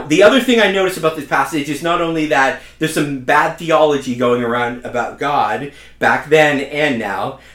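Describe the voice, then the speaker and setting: Young male pastor, earnest conversational sermon, slightly high voice, roomy reverb. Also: a bit bright. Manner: earnest, conversational preaching with personal stories. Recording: echoey room.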